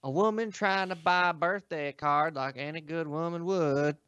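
Male host, deadpan and profane, slightly high voice, dull dry recording. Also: moderate pace, smooth, dry recording. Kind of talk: reading news stories with crude commentary.

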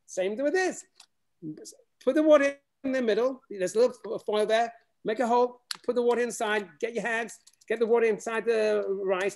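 A man's voice: very high-pitched, darkish tone. A man giving a remote classroom demonstration over a video call as a space program educator, talking in a playful way with many restarts.

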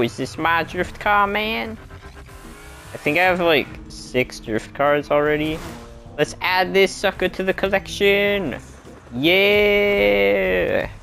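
A young man streaming a racing game, chatting to himself in a self-mocking, excitable way. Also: on the high side. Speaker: gameplay streamer. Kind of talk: casual let's-play commentary.

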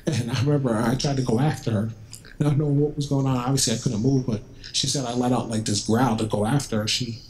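A man's voice: mid-range voice, steady tone, fast talker, darkish tone, slight background noise, rough recording. A man speaking as a guest at a school, telling students a personal story in a conversational, vivid way and acting out the dialogue he remembers. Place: school, indoors.

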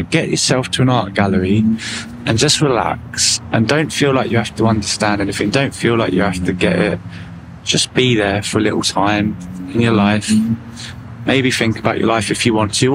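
Walking outdoors along a town street, a male vlogger reflects aloud in a loose, casual way, his low voice moving at a normal speed. Street traffic can be heard in the background.

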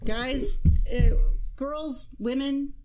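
Slow-talking woman in her fifties. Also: high voice, fairly even intonation, darkish tone, soft background music. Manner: unhurried, hesitant with many fillers. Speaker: guest. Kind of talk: casual podcast chat.

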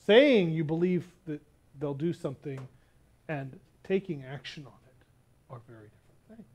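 A male pastor preaching a sermon, telling a story and slowing down hard on key words. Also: fairly high pitch, animated, darkish tone. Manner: emphatic, slows down on key words.

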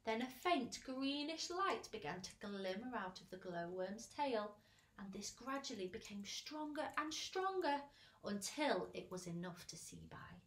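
A woman teacher reads a children's storybook aloud to her class. Her voice sits fairly high and swoops expressively from line to line. The classroom is roomy and echoey. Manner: expressive read-aloud, pausing to show pictures. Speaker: infant school teacher.

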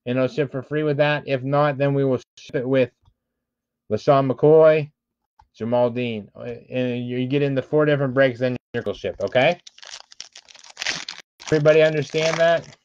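A man speaks at normal speed with long pauses in a darkish, mid-range voice, with slight background noise, while hosting a live-streamed card break. He opens packs, calls out player names, explains the shipping rules, and admits he's frustrated. The recording is dull, dry, and lo-fi.

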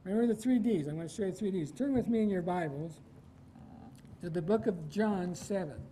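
Male pastor from Iowa, relaxed warm sermon delivery, quizzes the pews. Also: high-pitched, brisk, slight background noise, rough recording. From Iowa, United States. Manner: emphatic, asks the congregation rhetorical questions.

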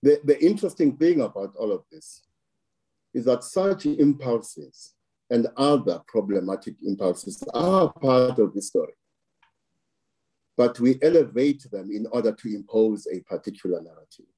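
A man from South Africa giving political commentary in an interview, slow and deliberate, weighing his words with occasional restarts. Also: medium pitch, animated, mellow, husky, rough recording. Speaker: political analyst.

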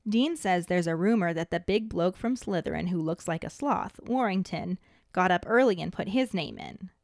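A woman podcast host narrating a scripted chapter recap in a steady, even storytelling manner. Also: lowish voice, moderate pace, no room sound, clean studio sound.

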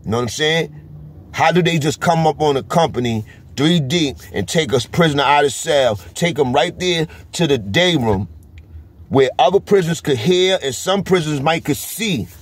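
A man's voice: a little high, animated, moderate pace, slightly rough. A man with a New York accent, talking straight to camera in a casual vlog and driving each point home with a constant "you heard?". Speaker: vlogger. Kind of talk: casual street commentary.

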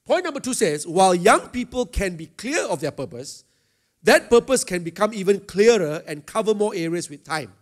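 Middle-aged pastor, slightly raised pitch, gives a youth chapel lesson with lots of "uh" pauses. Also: male voice, sing-song. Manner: talks to a live student audience, asks them questions; frequent hesitation fillers. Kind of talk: teaching a youth chapel talk.

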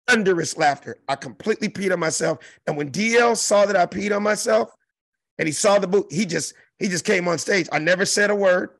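Gravelly, high-voiced man telling a wild story. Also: brisk, a bit bright, no echo. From South Central Los Angeles. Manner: profane, emphatic, mimics crowd noises. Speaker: interview guest, comedian. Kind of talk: animated storytelling.

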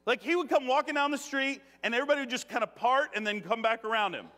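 A man preaching a conversational sermon in a church, joking, animated and laughing often. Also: extremely high pitch, fast. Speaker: guest preacher. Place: church sanctuary. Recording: long reverb of a church hall.

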